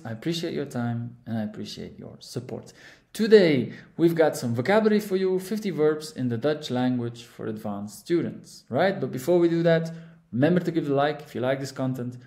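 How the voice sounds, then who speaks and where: A man's voice: mid-range voice, warm tone, reverberant. A man teaching a vocabulary lesson, stressing each word and checking in with "all right?". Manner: emphatic, drills words with frequent "all right?" checks. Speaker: language teacher.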